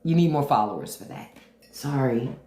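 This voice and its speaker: A woman with a rumbling low, warm, expressive voice speaks at a moderate pace on her livestream. Her unfiltered commentary comes in AAVE, blunt and taunting, and she repeats her question to commenters while a roomy echo colors the mic.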